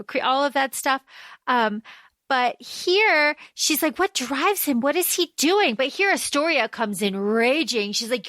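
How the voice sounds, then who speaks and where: A woman co-hosting a casual fan podcast, talking fast and acting out quoted lines in shifting voices. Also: no echo. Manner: animated, acts out quoted lines in lower or higher voices. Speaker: podcast co-host.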